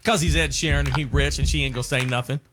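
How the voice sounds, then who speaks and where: A radio co-host tossing in quick, deadpan quips during casual chat. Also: mid-range voice. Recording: music bed underneath.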